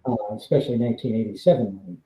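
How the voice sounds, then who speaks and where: Guy rambling through old stunt stories, super dark mellow tone, roomy echo. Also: fairly low pitch, racing. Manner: rambling anecdotes with fillers, laughs between lines. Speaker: guest, former stunt double. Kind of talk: casual storytelling on a live stream.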